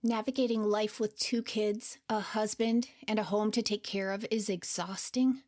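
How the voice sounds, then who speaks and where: A woman narrating her own story in the first person, quiet, unsure and earnest. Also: mid-range voice, fairly even intonation, moderate pace. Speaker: podcast storyteller.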